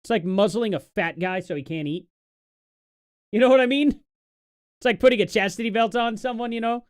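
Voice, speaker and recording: A man's voice: sits high, moderate pace, clear, resonant tone, no echo, clean studio sound. A man hosting a live stream, reacting to protest clips with sardonic, mocking commentary and lots of fillers.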